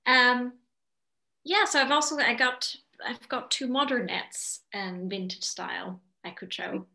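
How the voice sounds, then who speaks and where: Casting: German-born woman guest, bright and crisp, giggly, roomy video-call echo. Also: on the high side, little pitch movement, slow, long pauses. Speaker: guest knitter. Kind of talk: casual video chat.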